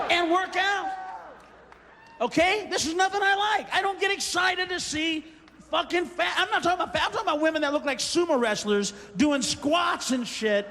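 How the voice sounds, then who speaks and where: A man's voice: very high voice, sharp tone. A man doing stand-up comedy, bursting from wry asides into screaming rants. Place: live comedy stage. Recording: live stage in a reverberant hall with crowd. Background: audience noise and laughter.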